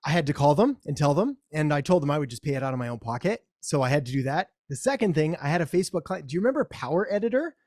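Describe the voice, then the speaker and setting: A man talks through ideas in a relaxed, thoughtful way, pausing and restarting as he goes. His voice sits a little high, and it is recorded close and dry on a video call. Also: no echo. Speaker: workshop host. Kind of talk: casual webinar discussion.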